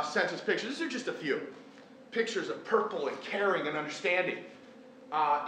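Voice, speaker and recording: A man's voice: high voice, pushed and bright. A middle-aged man, a teacher, tells a personal story to a live audience in an earnest, self-deprecating way. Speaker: teacher and event speaker. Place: large echoey hall. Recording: echoey hall, faint room noise.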